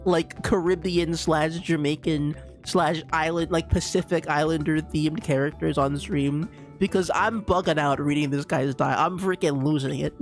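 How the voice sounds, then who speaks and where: Exasperated streamer with a Bermudian accent. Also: mid-range voice. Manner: animated, exasperated ranting with frequent laughter. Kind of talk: casual gameplay commentary.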